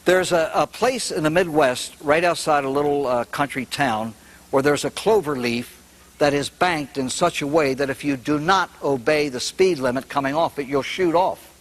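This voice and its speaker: A man and priest tells joke after joke in a folksy storytelling manner, with a voice pitched a bit high. He chuckles at his own punchlines. He is giving a lighthearted talk about recovery. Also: normal speed. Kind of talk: humorous talk with jokes.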